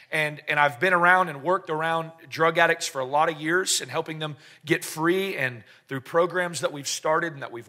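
A man's voice: a little high, pushed and bright. A man preaching a sermon to a congregation, telling stories with joking asides and call-and-response. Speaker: pastor. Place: church service in front of a congregation.

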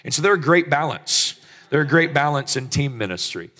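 A man's voice: a little high, lively intonation, brisk, pushed and bright. A man, a senior pastor introducing a guest speaker in an affectionate, plainspoken way. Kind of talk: sermon introduction. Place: church stage.

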